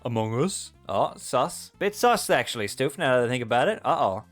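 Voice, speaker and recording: A man's voice: medium pitch, very animated, moderate pace, faint music behind. Playful man chatting on a livestream. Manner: chatty and playful, reading chat aloud and joking. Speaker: livestream host. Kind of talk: casual chat with live viewers.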